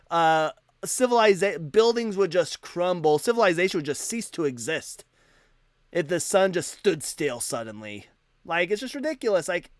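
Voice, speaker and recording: A man with a high voice runs a live debate stream, recorded at studio quality with no room sound. Animated and casual, he keeps restarting and repeating words as he talks.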